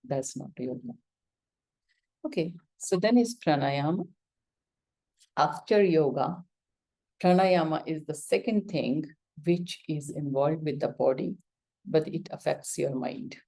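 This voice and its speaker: A woman's voice: deep voice, expressive, measured pace, gravelly, long pauses, warm tone. A woman with an Indian accent teaching a yoga lesson, coaxing answers from her student with questions and acted-out examples.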